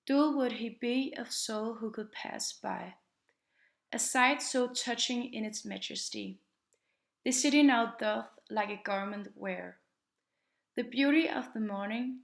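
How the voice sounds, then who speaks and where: A woman reciting a classic poem in measured, deliberate phrasing. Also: on the high side, vocal fry. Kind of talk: poetry recitation. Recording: echoey room.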